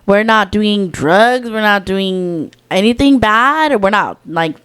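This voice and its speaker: Smooth-voiced woman, reflective storyteller. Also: medium pitch, slow, a bit bright. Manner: reflective storyteller, frequent "like" fillers. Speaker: podcast co-host. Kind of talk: casual podcast conversation.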